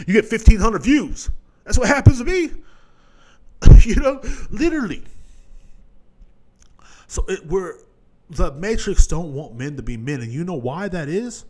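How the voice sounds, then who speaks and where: Profane rambling man ranting solo. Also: a little high. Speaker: podcast host. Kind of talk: solo podcast rant.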